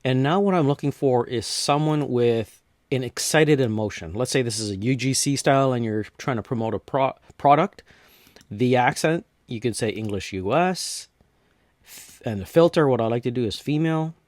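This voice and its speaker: A man from North America casually walking through a software tutorial step by step, with frequent restarts. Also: mid-range voice, normal speed, no room sound, studio quality. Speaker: tutorial host. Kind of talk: screen-recorded software tutorial.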